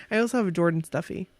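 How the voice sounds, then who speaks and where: A woman's voice: lowish voice, darkish tone, no echo. A woman co-hosting a casual podcast, chatty and giggly as she reads a fan story aloud, stumbling over words and correcting herself. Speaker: podcast co-host.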